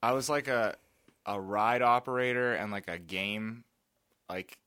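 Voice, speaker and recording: Laid-back man with halting delivery. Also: lowish voice, pushed and bright, no room sound, clean studio sound. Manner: laid-back, hesitant, many fillers. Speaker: podcast regular. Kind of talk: casual chat.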